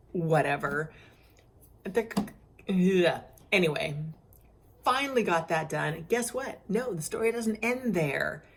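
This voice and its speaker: Weary, expressive woman vlogger. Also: on the low side. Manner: animated, acts out others' lines in quoted voices. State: worn out from crying. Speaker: vlogger sharing her cancer journey. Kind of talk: casual storytelling vlog.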